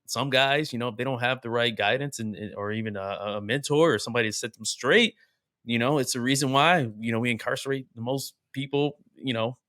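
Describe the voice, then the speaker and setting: A man's voice: medium pitch, fairly bright tone, no room sound. A young man co-hosts a casual podcast in a loose, joking way, wandering through his points with plenty of fillers. His voice sits mid-range and is recorded close and dry, with no room sound around it. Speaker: podcast co-host. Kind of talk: casual chat.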